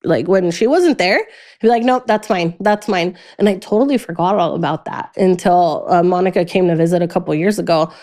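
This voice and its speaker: A woman's voice: fairly low pitch, fairly quick, warm tone. A young adult woman in a casual interview, telling her life story in a chatty way, her voice jumping up when she quotes others and laughing often. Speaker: guest.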